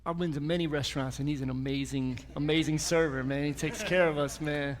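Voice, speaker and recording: Upbeat pastor in a big church hall. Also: male voice, on the high side, steady tone, fairly quick, background noise. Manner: casual, hyping up the crowd. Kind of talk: sermon with guest testimonies. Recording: live in a reverberant hall.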